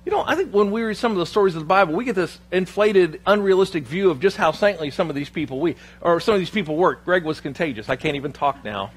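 A man's voice: high-pitched, lively intonation, fast, hardly any pauses, husky. A man preaching a sermon in church, with a humorous, self-deprecating storytelling manner. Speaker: pastor.

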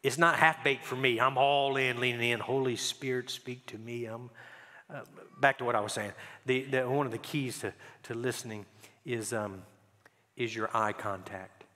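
A man's voice: mid-range voice, moderate pace, sharp tone. A man preaching a conversational sermon as a pastor, telling stories and often repeating words as he goes. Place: church sanctuary. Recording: long hall reverb.

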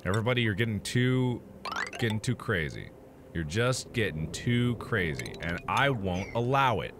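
Male gameplay commentator, melodramatic and playful self-talk, bright forceful tone. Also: fairly low pitch, very animated, normal speed, slight background noise. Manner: theatrical, swings from muttering to loud outbursts. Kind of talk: let's play commentary.

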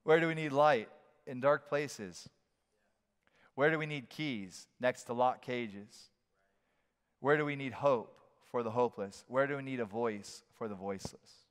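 A man preaching a sermon as a pastor, animated and playful, now and then acting out shouted voices. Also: medium pitch, unhurried, smooth. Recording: long hall reverb.

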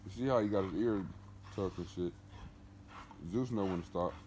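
A man with a lowish voice chats loosely with his viewers in casual, profane street talk, breaking off to talk to his dogs. The recording is noisy, with dogs moving and barking around him. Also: normal speed. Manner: talks to his dogs between remarks to viewers. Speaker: dog breeder vlogger. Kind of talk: casual vlog chat.

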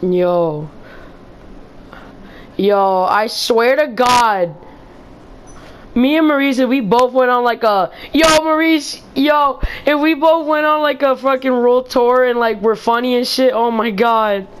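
A woman's voice: fairly high pitch, slow pace, a little hiss or hum. A woman chatting casually with friends while gaming, giggly and breathless from laughing, swearing in slangy banter. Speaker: gamer in voice chat.

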